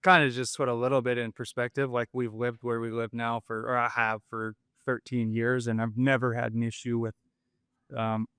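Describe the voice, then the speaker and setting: Smooth-voiced man, hesitant and dry. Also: medium pitch, flat delivery, normal speed, fairly bright tone, no room sound. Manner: hesitant, many fillers, restrained frustration. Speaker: podcast guest. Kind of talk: casual podcast chat.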